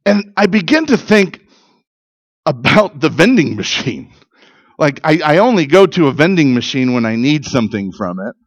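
Pastor, middle-aged man, slightly high voice, dry close-miked sound, earnest talky sermon with rising emphatic peaks. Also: very animated, moderate pace, no room sound, rough recording.

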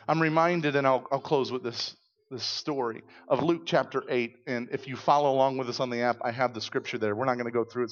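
A man pastor preaching a sermon in church, retelling scripture with animated storytelling and acted-out voices. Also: medium pitch, highs cut off.

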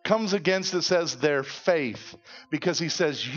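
A man pastor preaching a sermon in church, retelling scripture with animated storytelling and acted-out voices. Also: fairly high pitch, slow, husky, dull audio, soft background music.

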